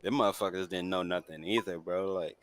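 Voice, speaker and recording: A man's voice: deep voice, steady tone, brisk. A man chatting casually in a laid-back, slangy way with many fillers. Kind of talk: casual chat.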